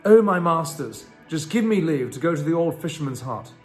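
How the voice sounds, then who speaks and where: A man's voice: on the high side, lively intonation, moderate pace, faint music behind, pitched above the performer's own voice, close to an everyday voice. A man voicing a poor fisherman's son who indignantly protests in archaic speech. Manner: pleading indignant questions.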